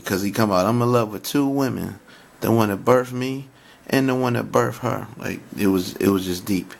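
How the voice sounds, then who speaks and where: A man talking casually to his viewers about hip-hop, excited and often stammering as he restarts his sentences and recites favorite lines. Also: deep voice.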